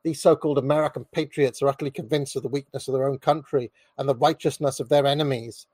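A man's voice: medium pitch, steady tone, fast talker, a little mellow, husky, no room sound. A man hosting a live political stream, reading out posts and mocking them sardonically.

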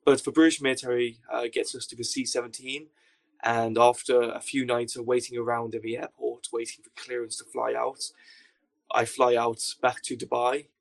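A young man telling a story as a podcast guest, with dry, deadpan understatement. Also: medium pitch, normal speed, vocal fry. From Wales. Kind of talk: casual storytelling anecdote.

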